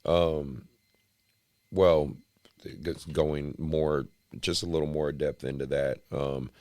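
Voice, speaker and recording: A man hosting a casual podcast chat, relaxed and halting, with many ums as he works his way into questions for his guests. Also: extremely low pitch, no room sound, studio quality. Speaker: podcast host.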